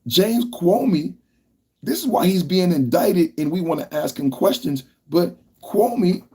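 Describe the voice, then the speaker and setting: A man's voice: fairly high pitch, lively intonation, measured pace, darkish tone, husky. A man hosting a political podcast livestream, ranting in a loose, repetitive way and talking to his chat. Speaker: podcast host.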